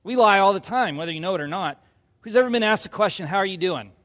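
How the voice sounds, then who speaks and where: High-voiced preacher in a reverberant hall. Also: male voice, expressive, quick pace. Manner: storytelling, acts out quotes in a hushed voice, swings to loud emphasis. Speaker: pastor. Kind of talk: sermon with personal story.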